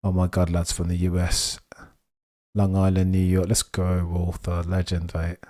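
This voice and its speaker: A young man with a Birmingham accent and a low voice, talking over a motor race as it happens. He chats casually and excitably, reacting to the action and answering his viewers. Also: a little slow. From England. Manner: chatty, excitable, reads and answers viewer messages. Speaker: livestream host. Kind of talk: casual live race commentary.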